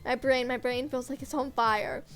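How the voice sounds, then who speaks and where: A woman's voice: sits high, steady tone, normal speed, fairly bright tone, rough recording. A woman streamer reading a horror visual novel aloud in first person, intense and dramatic, with offhand asides.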